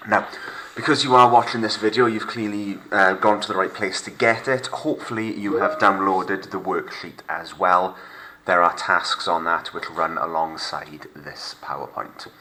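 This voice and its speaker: Deep, bright-toned male teacher. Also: steady tone, moderate pace, a little hiss or hum, low-quality recording. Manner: patient, explains step by step with fillers. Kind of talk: recorded remote lesson narration.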